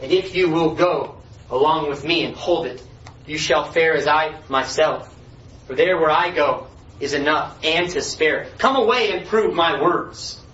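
A fearful, burdened pilgrim pleads in earnest, old-fashioned words, read aloud by a man. The voice sits high and is heard from far off through a dull, echoey recording. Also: unhurried, fairly bright tone. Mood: pleading. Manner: earnest archaic reading.

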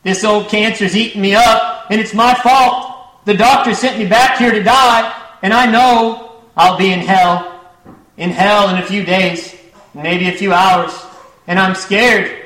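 Preacher doing a scared dying drunk man, pleading, bright voice in an echoey room. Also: sits high, fairly even intonation, unhurried. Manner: pleading, fearful.

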